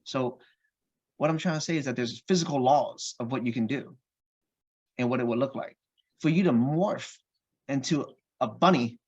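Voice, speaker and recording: A man telling a personal family story on a podcast in a lively, anecdotal way, with frequent restarts. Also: medium pitch, moderate pace, long pauses, breathy edge, lo-fi sound. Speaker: podcast guest. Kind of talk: casual storytelling.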